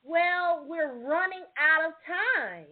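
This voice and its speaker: High-voiced woman host over a call. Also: slow pace. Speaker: show host. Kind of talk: call-in talk show. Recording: tinny online call audio.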